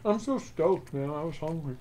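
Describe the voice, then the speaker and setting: A man's voice: on the high side, expressive, moderate pace, noisy background. A man on a comedy podcast, joking and laughing with friends over hot wings. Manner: jokey, easily laughing. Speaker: podcast co-host. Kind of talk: casual banter during a hot sauce challenge.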